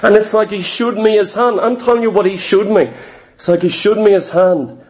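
Fervent high-voiced preacher. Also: male voice, brisk, darkish tone. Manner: fervent, repetitive, confessional. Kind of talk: sermon testimony.

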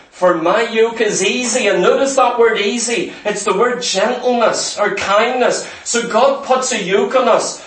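A man preaching a sermon earnestly, sometimes dropping to a hushed, tender voice. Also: high voice, roomy sound, distant mic, rough recording.

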